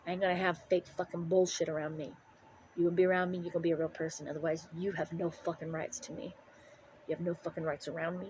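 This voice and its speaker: A woman's voice: fairly low pitch, darkish tone, slight background noise, low-quality recording. A middle-aged woman ranting to the camera in an angry, profane, preaching way. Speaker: vlogger.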